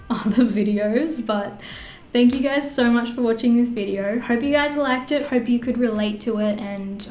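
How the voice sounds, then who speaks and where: Chatty Australian woman vlogging. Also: on the high side. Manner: rambling and animated, many fillers. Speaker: beauty vlogger. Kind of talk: get-ready-with-me vlog chat. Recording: roomy echo.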